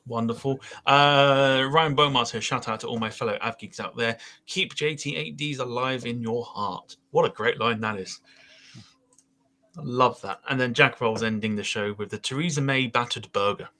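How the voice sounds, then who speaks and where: A man hosts a laid-back podcast with a bright, forceful tone. His speech rambles along with frequent fillers like "um" and "uh", and he keeps the chat loose and friendly. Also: medium pitch, normal speed. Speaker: podcast host.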